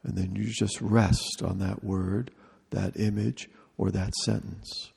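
Man giving a retreat talk, low husky gravelly voice, slow and deliberate with repeated phrases, echoing in a big hall. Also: level tone, darkish tone. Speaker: retreat leader. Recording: long reverb of a large hall.

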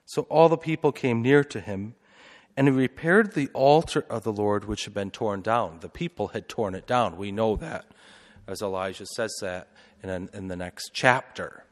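A man, a priest, giving a sermon as lively storytelling, full of asides and rhetorical questions. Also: fairly low pitch, moderate pace, long reverb tail.

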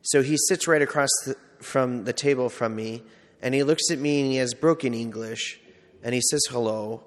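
A man's voice: medium pitch, normal speed. A man speaking as a priest, sharing a personal story in a loose, conversational way. He pokes fun at himself and slips into quoted asides. His mid-range voice rings out with a long reverb, as if from a large church or hall. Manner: conversational, self-deprecating storytelling with many "like"s. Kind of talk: personal testimony talk.

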